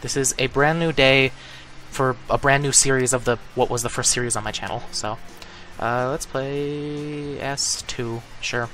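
Bright-voiced young man rambling over gameplay. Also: mid-range voice, a little hiss or hum. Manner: rambling, lots of ums and self-corrections; chuckling, easygoing. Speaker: let's play host. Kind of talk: casual gameplay commentary. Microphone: desk microphone, breathes into it.

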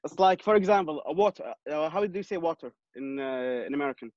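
A man from Kuwait, a podcast guest chatting casually over a video call, relaxed and quick to laugh, his English slightly halting. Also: a little high. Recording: dull dry lo-fi call audio.

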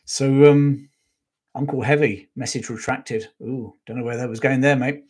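A man's voice: medium pitch, steady tone, normal speed, a little mellow, slightly rough. A man hosting a live history show, telling stories in a rambling way, often correcting himself. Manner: rambling, self-correcting storyteller with many fillers. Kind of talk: live-stream history talk.

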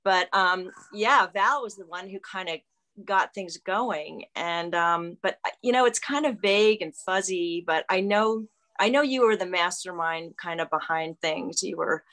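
A woman's voice: lowish voice, a little slow, poor audio. A woman in her sixties, a former athlete, reminiscing loosely and chuckling on a video call. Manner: warm and chuckling, loosely recalled.

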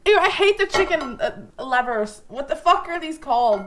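A woman with a high, lively voice jokes around with friends, exclaiming and swearing casually. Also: moderate pace. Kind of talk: casual chat among friends.

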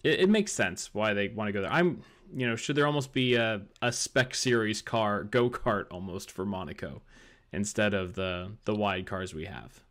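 A man's voice: lowish voice, normal speed, fairly bright tone. A man co-hosting a podcast in casual chat, opinionated, often restarting his sentences. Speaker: podcast co-host.

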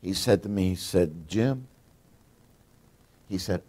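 A man's voice: lowish voice, huge pitch swings, normal speed, long pauses, warm tone, breathy edge. A middle-aged man preaching a folksy sermon as pastor, acting out what people say. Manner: folksy preaching, acts out quotes.

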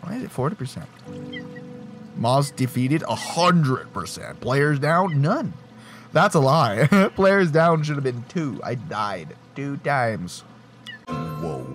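A young man giving casual gameplay commentary, excitable and profane, laughing and exclaiming often. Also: mid-range voice. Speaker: gaming channel host. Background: game music.

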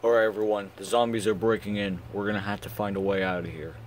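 A man's voice: lowish voice, little pitch movement, quick pace, a little hiss or hum. A man improvising a plush toy skit, voicing the characters himself in a hesitant voice full of ums. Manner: hesitant, filler-heavy, jumps between character voices. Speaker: plush video creator voicing all characters.

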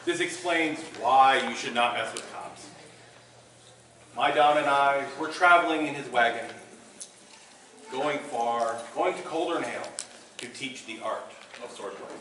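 A man telling a comic story to a live audience, animated and playful, with joking asides and a repeated punchline, recorded from a distance in a hall. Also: mid-range voice, unhurried. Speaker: storyteller at a performance competition. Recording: echoey hall, far from mic, noisy.

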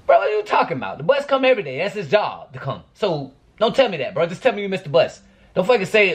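A man's voice: sits high, big pitch swings, fast, husky. A man vlogging to camera, venting in a profane, exasperated rant.

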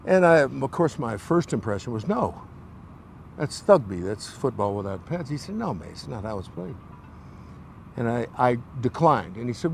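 A middle-aged man tells an anecdote in a relaxed interview, slipping into the voices of the people he quotes. His pitch rises and falls freely as he talks, and a faint hiss sits under the recording. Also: normal speed, vocal fry. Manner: animated anecdote teller, acts out quoted voices. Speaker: interview guest. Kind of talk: casual storytelling interview.

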